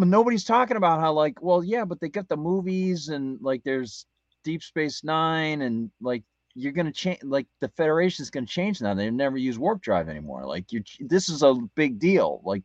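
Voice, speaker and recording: A man's voice: a little high, very animated, normal speed, dry recording, muffled recording. A man co-hosting a talk radio show, telling a rambling story with many restarts. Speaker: radio co-host. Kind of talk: casual anecdote on talk radio.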